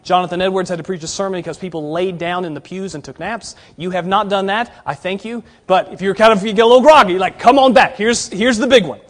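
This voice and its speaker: A man preaching to Bible college students, conversational and earnest, with a delivery that moves between emphatic and hushed. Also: high-pitched. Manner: direct address to students. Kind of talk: sermon.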